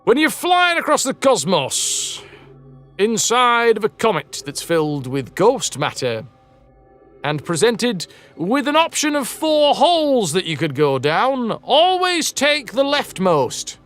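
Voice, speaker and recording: A man's voice: very high-pitched, huge pitch swings, takes it slowly, a bit bright, soft background music, pitched above the performer's own voice, full character voice. A man putting on a Yorkshire accent to voice an old granddad giving solemn advice.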